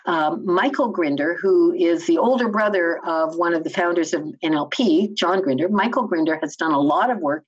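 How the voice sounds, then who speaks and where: An enthusiastic woman from Canada explains her ideas in a lively, teacherly way, as if she were coaching someone. The sound is slightly dull, with a lo-fi edge. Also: fairly low pitch, moderate pace, few pauses, slightly rough. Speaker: communication trainer. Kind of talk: explaining in a conversational interview.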